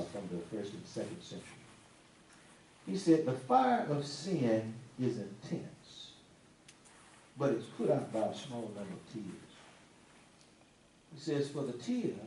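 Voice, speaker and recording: Animated preacher in an echoey church. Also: male voice, fairly low pitch, slight background noise. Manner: animated, folksy, teasing the congregation. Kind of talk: sermon. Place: church sanctuary. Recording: echoey room, mic at a distance, faint ambience.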